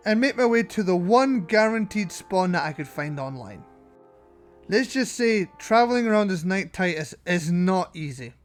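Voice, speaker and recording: A man narrating gameplay commentary as a channel host, wry and self-mocking. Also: sits high.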